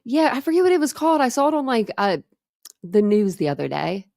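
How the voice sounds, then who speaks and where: A woman who hosts a true crime channel runs a livestream, reading and answering chat comments in a casual, rambling way full of fillers and restarts. Her voice is a little high and sing-song, brisk, slightly mellow, with vocal fry.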